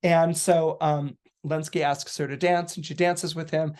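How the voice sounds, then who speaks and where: A man on a podcast retelling a story in a casual, animated way, full of restarts and fillers. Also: fairly high pitch, measured pace. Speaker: podcast astrologer guest.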